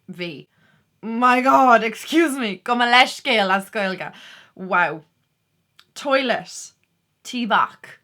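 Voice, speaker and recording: A young Irish woman chatting excitedly in a casual vlog, laughing often. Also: mid-range voice. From Ireland. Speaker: vlogger.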